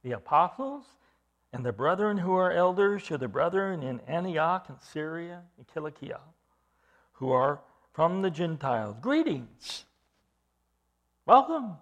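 A man's voice: high-pitched, animated, unhurried. A man preaching an expository sermon, reading scripture aloud and explaining it with emphatic stresses and rhetorical questions. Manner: emphatic, rising to loud stresses on key words.

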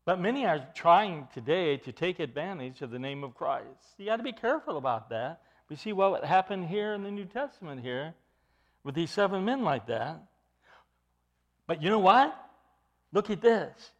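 A man's voice: sits high, sing-song, moderate pace, a bit bright. A man preaching an expository sermon as pastor, earnest and emphatic, often repeating and restarting his phrases.

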